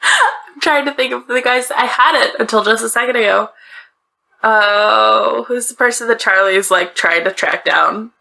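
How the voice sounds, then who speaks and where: A woman's voice: fairly high pitch, measured pace, vocal fry, bright, forceful tone. A woman hosting a podcast, telling a true-crime case in casual, chatty talk with laughing asides. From northeastern United States. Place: small closet-like bedroom.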